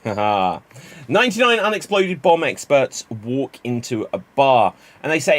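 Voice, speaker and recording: A man hosting an online improv comedy show, telling quick joke setups and calling on players with a laugh. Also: fairly high pitch, big pitch swings. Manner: chatty, laughs at jokes, quick to move on.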